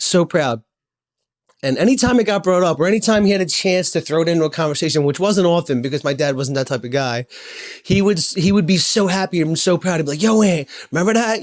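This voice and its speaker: A man in his forties telling personal stories in a heartfelt, rambling way, repeating himself and swearing casually. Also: on the high side. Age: 40s. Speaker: podcast host. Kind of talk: personal storytelling monologue.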